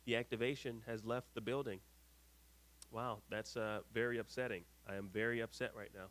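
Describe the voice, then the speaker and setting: A man hosting a live stream, reading viewer comments aloud with lively ups and downs and grumbling when his screen freezes. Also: mid-range voice, fairly quick. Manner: exasperated, grumbling at tech trouble. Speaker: host.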